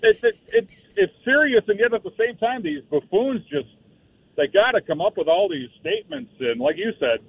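A man calling in to a talk radio show as a regular, exasperated and animated. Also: sits high, normal speed, vocal fry, slightly rough. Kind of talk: talk radio chat over the phone. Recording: tinny phone line, dry.

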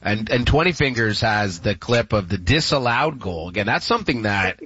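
Male sports radio host, husky voice on a dull, dry line, brisk segment patter. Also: fairly low pitch, expressive, bright, forceful tone. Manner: upbeat, introduces clips and segments.

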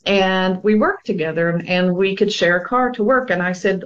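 A woman's voice: mid-range voice, normal speed, few pauses. Woman telling her own story, slightly muffled. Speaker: survivor interview guest. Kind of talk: personal testimony.

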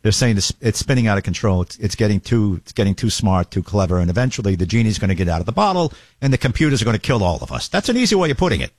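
A man's voice: lowish voice, sing-song, very fast, few pauses, no room sound, clean studio sound. A man hosting a talk show, riffing jokingly on the news with laughs. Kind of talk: comedic commentary.

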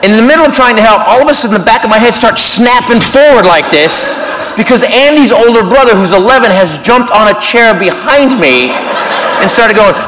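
High-voiced man doing animated stand-up. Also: brisk, a faint crowd, a little hiss or hum, poor audio. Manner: animated, shouting punchlines. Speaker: stand-up comedian. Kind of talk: stand-up storytelling. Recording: live club set with loud audience laughter.

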